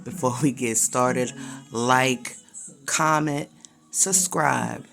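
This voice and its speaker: A man's voice: medium pitch, very slow, vocal fry, sharp tone, faint music behind. A man giving a casual, slangy talk of encouragement, full of conversational asides. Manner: slangy, conversational, repetitive fillers. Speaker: preacher.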